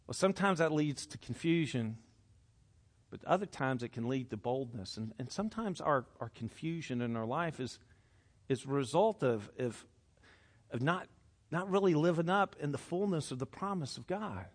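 A middle-aged man preaching a sermon, swinging from hushed, intimate passages to loud, animated outbursts. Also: mid-range voice, normal speed. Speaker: pastor.

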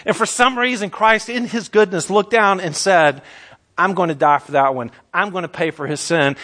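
A man's voice: on the high side, fairly bright tone. A man preaching a sermon, fiery and emphatic, stretching out his stressed words.

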